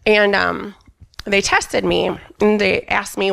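Brief: middle-aged woman, heavy vocal fry, frank and emphatic church testimony. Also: mid-range voice, little pitch movement, slow, a bit bright. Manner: candid, emphatic storyteller who quotes herself. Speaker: church member giving a testimony. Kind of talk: personal testimony at a church service. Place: church stage.

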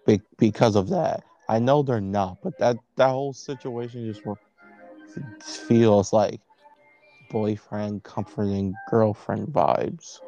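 A man's voice: fairly low pitch, slow, warm tone, dull audio, soft background music. A man playing a tabletop role-play game, narrating and teasing his co-player in a playful way.

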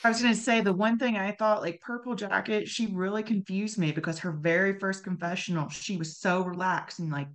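A woman co-hosting a casual podcast, chatting in a relaxed way and playfully quoting people. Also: lowish voice, normal speed, few pauses. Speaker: podcast co-host.

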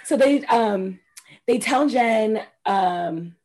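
Woman co-host, fairly high husky voice, animated gossip recap, swears freely. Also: drawn-out words. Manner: animated, swearing, acts out quotes with loud squeals. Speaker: podcast co-host recapping reality TV. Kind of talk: casual chat.

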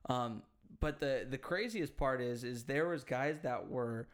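Man, casual chat, rambling, hesitant, swears, middle-pitched voice. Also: a little slow. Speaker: podcast co-host.

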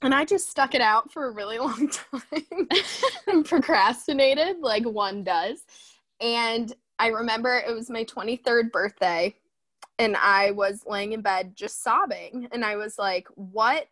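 A woman in her twenties, a guest telling her story in a casual chat, animated and quick to laugh as she acts out her own past thoughts. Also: a little high, no room sound. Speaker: guest, hairstylist.

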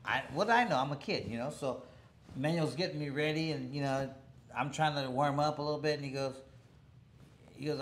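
Speaking a little high and fairly quickly, this animated middle-aged man, a former boxer, recounts a boxing tale in a relaxed interview. He rambles, keeps restarting, and chuckles along the way.

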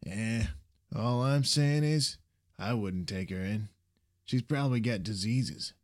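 A man's voice: fairly low pitch, slow, pitched above the performer's own voice. A man voicing a sleepy, blunt young male student in a storybook reading. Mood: dismissive. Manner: drowsy and dismissive.

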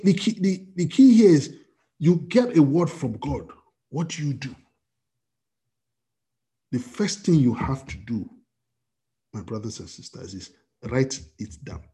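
A man's voice: mid-range voice, dark tone. A man preaching as pastor, emphatic and repetitive, with many restarts and fillers. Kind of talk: sermon.

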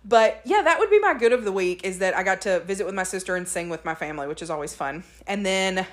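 Expressive and fast, with a mid-range, fairly bright tone, a woman co-hosts a podcast. In casual chat she spins stories and laughs a lot.

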